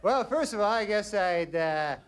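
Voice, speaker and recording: A man playing a sleazy, creepy bachelor who speaks slowly and suggestively. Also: sits high, lively intonation. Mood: leering. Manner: slow, leering, suggestive. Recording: noisy live stand-up recording.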